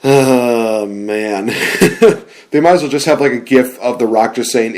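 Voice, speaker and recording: Young male co-host, excitable rambler, quick to laugh, casual chat delivery. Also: medium pitch. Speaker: podcast co-host.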